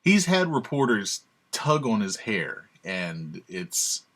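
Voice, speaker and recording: A man's voice: lowish voice, big pitch swings, slow pace, a bit bright. Sarcastic man giving opinionated commentary. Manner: sarcastic, emphatic, chuckles to himself. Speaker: channel host.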